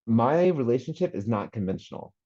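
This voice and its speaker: Animated man telling family stories, muffled audio. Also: mid-range voice, fairly quick. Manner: animated storyteller, acts out family quotes, laughs often. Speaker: panel guest. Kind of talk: casual group chat.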